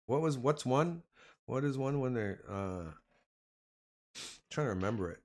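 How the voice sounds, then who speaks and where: A man's voice: mid-range voice, unhurried. A Canadian man with a Canadian accent giving casual, slangy live market commentary to his chat. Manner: slangy, animated, addresses chat as man and boys. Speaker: stock trading livestreamer.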